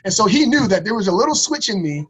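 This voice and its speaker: A man in his thirties with a notably high voice tells a personal story as a podcast guest. He talks casually and uses slang. He often stumbles and repeats words, which keeps the story lively. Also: quick pace, husky.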